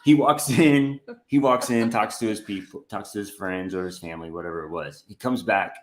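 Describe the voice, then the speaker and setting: A low-voiced young man co-hosts a relaxed chat, recounting a story with energy. He acts out every quote, leaping high in pitch when he plays the other people. His voice rings in a roomy, echoey space. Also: brisk. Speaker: podcast co-host.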